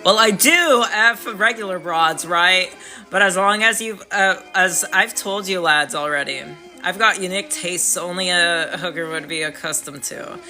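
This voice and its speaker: A man voicing a cocky young male rock musician, boastful and quick to laugh, in a game read-through. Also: high-pitched, sharp tone, faint music behind, full character voice. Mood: blunt.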